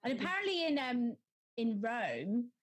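A woman's voice: fairly high pitch, very animated, unhurried. A young woman hosting a casual interview, enthusiastic and full of fillers. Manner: enthusiastic, gushing, filler-heavy. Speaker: host, interviewer.

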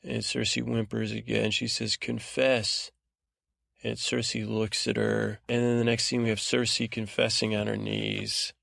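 A man hosting a sleep podcast, recapping a TV episode in a meandering, low-key way full of fillers. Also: monotone, moderate pace, gravelly, few pauses, a bit bright, dry recording, studio quality. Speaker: podcast host. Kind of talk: rambling bedtime recap.

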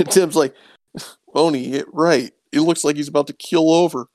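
A man's voice: fairly high pitch, fairly even intonation, normal speed, darkish tone, no room sound. A man casually recapping an episode, rambling with ums and acting out quoted lines. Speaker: podcast co-host recapping a show. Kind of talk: casual chat.

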